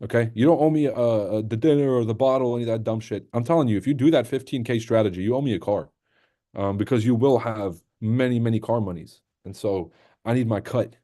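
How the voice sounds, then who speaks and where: A young man hosting a casual trading livestream, joking and swearing freely as he answers his chat. His voice is mellow and warm, set at a middle pitch for a man. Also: quick pace. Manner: joking, profane, reacts to chat.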